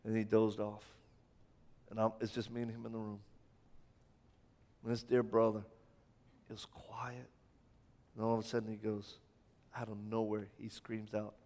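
A man preaching a sermon in a church, impassioned, firing rhetorical questions and stumbling over quick restarts. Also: mid-range voice, steady tone, a bit bright. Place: church sanctuary. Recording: long church hall reverb.

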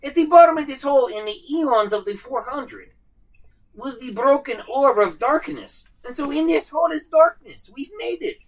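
A tabletop game player telling the group an excitable, playful story in casual chat. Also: high voice, normal speed, low-quality recording.

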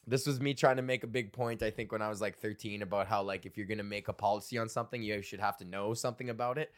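A man's voice: on the low side, steady tone, fast. A man in his thirties hosting a solo comedy podcast, reading out old jokes, rambling and swearing, laughing at his own material.

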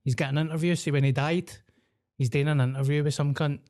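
A Scottish man hosting a podcast, his voice a bit croaky after illness, chatting in jokey, sweary banter. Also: a little high, fairly even intonation, fast, a little mellow. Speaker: podcast host. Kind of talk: casual chat.

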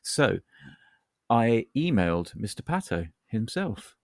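Gravelly low-voiced man, wry and rambling. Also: very animated, takes it slowly, no room sound, clean studio sound. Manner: wry, rambling, self-deprecating. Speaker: podcast co-host. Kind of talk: casual chat.

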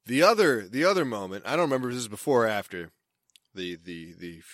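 Bright-voiced young man telling a rambling story. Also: medium pitch, animated, fast talker, dry recording, clean studio sound. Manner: rambling, self-interrupting storyteller. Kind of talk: casual storytelling chat.

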